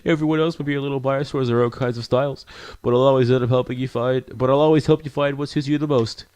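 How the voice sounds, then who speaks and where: A man's voice: mid-range voice, steady tone, quick pace, darkish tone, clear, resonant tone, dry recording, close to an everyday voice. Man playing a confident teen girl club leader, encouraging, chatty, slightly raised voice, dry sound, video game. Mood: reassuring. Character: confident friendly teenage girl club president.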